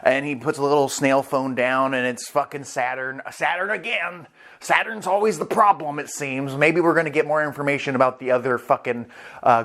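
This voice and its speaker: A man's voice: mid-range voice, fairly bright tone. Enthusiastic, swearing male reviewer. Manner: enthusiastic, profane and rambling. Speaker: anime review channel host. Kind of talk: casual chapter review.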